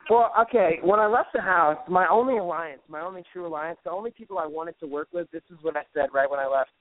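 A man talks fast and loose on a call, his voice sitting a bit high for a man. Slang like bro and dude runs through everything he says. The sound is thin and phone-like, with no room around it. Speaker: guest caller. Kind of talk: casual chat. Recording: dry tinny phone line.

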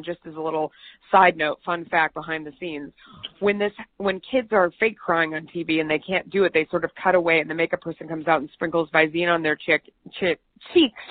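A woman's voice: on the low side, no echo. A woman, a TV news host, telling chatty, self-deprecating stories as an interview guest. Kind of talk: conversational storytelling. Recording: tinny phone-like line, dry.

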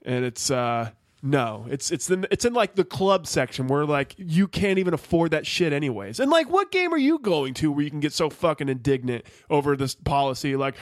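A man co-hosting a laid-back podcast. He talks in rambling, profane bursts, doubling back and restarting as he goes. His voice sits a touch high, and the sound is dry and close. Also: lively intonation, a little fast, dry recording. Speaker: podcast co-host. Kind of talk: casual chat.

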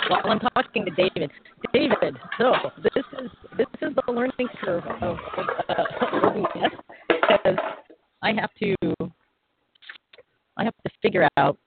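Gravelly man fiddling with a live stream. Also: high voice, very animated, a little slow. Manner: fiddly, laughing, thinking aloud while fixing audio. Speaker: radio show host. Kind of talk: casual live-stream chat. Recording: tinny phone-like audio with faint noise.

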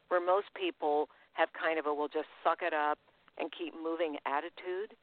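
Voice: mid-range voice, dry recording. Enthusiastic host on a tinny line. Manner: enthusiastic, affirming, laughs often. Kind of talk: interview hosting. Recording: dry, tinny phone-like line.

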